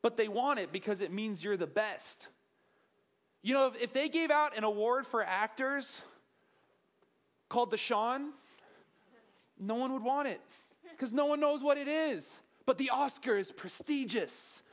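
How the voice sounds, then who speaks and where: Young guy preaching, high voice, jokey and lively, keeps asking the crowd stuff. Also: a little slow, pauses often. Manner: animated, joking, questions the audience. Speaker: youth pastor. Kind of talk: energetic sermon.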